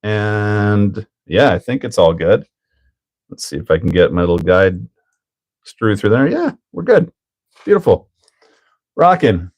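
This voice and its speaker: A man's voice: fairly low pitch, big pitch swings, unhurried, pauses often, a little mellow. A man hosting a hobby livestream in casual chat, joking, laughing often and answering chat as he builds a kit.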